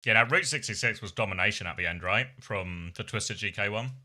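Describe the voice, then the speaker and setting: A man's voice: on the low side, brisk, pushed and bright. A man streaming live, chatting with viewers and commentating a race game in a playful, upbeat way. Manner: eats on stream, talks with mouth full.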